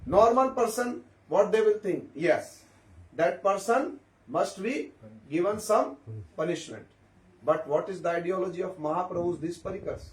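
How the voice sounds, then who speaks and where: A man's voice: high voice, lively intonation, normal speed. A man giving an informal spiritual talk to devotees, telling stories and often turning to his listeners with questions. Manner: repetitive, questioning listeners, storytelling. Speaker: speaker at a devotee gathering. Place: room at a devotee gathering. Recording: echoey room, mic at a distance.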